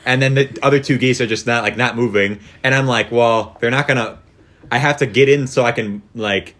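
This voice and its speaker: A man's voice: fairly quick, fairly bright tone. A teenage boy hosting a casual family podcast, telling a joking story about chasing geese. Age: teens. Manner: joking storyteller, mimics his mom in a high voice. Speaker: podcast host.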